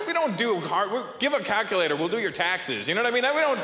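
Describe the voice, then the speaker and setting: A man performing a stand-up comedy set, animated and jumping between characters' voices. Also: high voice, fairly quick, slight background noise. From Canada. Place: large theater on stage. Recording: live hall reverb with audience.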